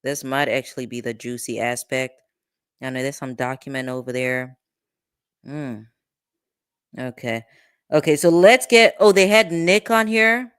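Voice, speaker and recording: A woman's voice: very deep voice, a little slow, long pauses, clear, resonant tone. A woman lawyer hosting a show, giving chatty, incredulous reaction commentary and thinking aloud. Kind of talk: casual legal reaction commentary.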